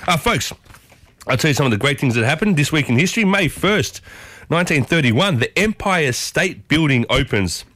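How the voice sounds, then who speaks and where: A man's voice: fairly high pitch, lively intonation, moderate pace, fairly bright tone. An Australian man hosting a morning radio show, chatting upbeat and calling listeners folks. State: coughing. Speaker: radio host. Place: radio studio.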